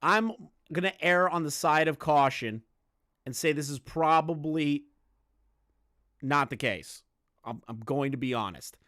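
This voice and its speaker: A man's voice: fairly high pitch, measured pace, long pauses, a bit bright, no room sound, studio quality. A man giving live-stream commentary on online drama, blunt and emphatic, swearing now and then.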